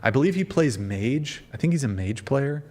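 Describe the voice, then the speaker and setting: A man's voice: medium pitch, expressive, moderate pace, a little mellow. A man hosting a podcast livestream, chatting casually, rambling and swearing as he talks straight to his viewers. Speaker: podcast host.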